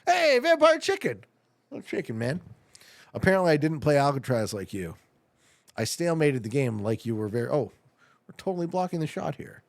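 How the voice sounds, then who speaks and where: A man's voice: medium pitch, expressive, a little fast, vocal fry, a little mellow, dry recording. A man streaming a strategy game live, commenting on his moves, laughing and chatting with his viewers.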